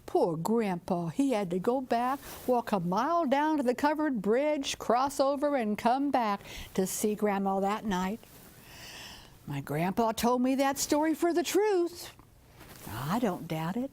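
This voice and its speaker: An older woman from southern Indiana, telling a folktale in a lively, expressive way. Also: on the high side, unhurried. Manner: lively, expressive, audience-engaging. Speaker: storyteller.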